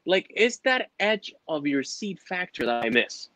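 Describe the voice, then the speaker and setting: A man hosting a casual comics podcast, excitable and quick to jump up in pitch when enthused. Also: poor audio. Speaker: podcast host. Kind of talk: casual chat.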